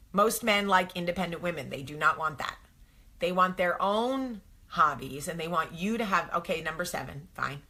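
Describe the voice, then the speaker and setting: A woman's voice: a little high, sharp tone. A woman in her thirties giving casual marriage advice to camera, emphatic and repetitive, acting out little quoted exchanges. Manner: emphatic, repeats points, acts out quotes.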